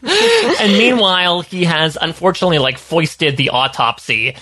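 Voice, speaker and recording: A man's voice: on the high side, sing-song, moderate pace, pushed and bright, slightly rough. A man co-hosting a podcast in casual chat, joking and bantering about a TV episode. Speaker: podcast co-host.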